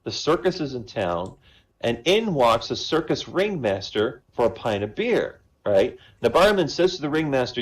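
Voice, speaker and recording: A man's voice: mid-range voice, sing-song, moderate pace, poor audio. Casual man telling jokes. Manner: casual, chatty storytelling. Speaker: comedian. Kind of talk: joke telling at a voice comedy show.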